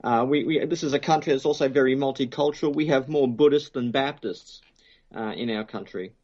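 A man's voice: medium pitch, brisk. An Australian man talks as a guest on a radio interview, loose and joking, stopping to restart his sentences with plenty of ums. His voice sits in an ordinary middle register. The line sounds dull and lo-fi, as if phoned in. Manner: relaxed, jokey, many fillers and restarts. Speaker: guest theologian. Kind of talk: phone interview, casual conversation.

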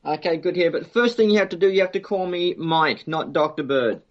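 A man's voice: a little high, a little fast, muffled recording. A man with an Australian accent, a guest theologian speaking casually in an interview, joking and full of fillers and restarts. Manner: relaxed, jokey, many fillers and restarts. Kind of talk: phone interview, casual conversation.

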